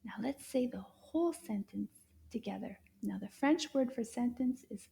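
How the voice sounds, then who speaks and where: A woman teaching French to young children, slow and animated, gasping with delight and drawing out her words. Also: a little high, gravelly. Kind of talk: children's language lesson.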